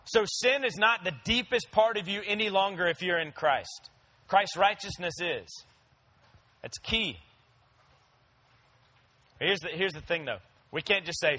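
A man's voice: high voice, lively intonation, measured pace, pauses often, pushed and bright, poor audio. A young man preaching a sermon in a conversational, storytelling way, talking straight to his listeners. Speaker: pastor.

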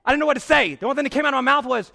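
A middle-aged male pastor preaching a sermon, telling a personal story with animated acting-out and sudden shouts. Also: very high-pitched, rapid-fire, vocal fry.

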